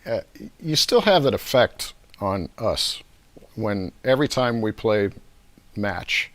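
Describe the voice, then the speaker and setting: A man chatting as a guest over a video call, enthusiastic and quick to jump in. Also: on the low side, very animated, fairly bright tone. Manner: enthusiastic, jumps in to interject. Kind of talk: casual chat.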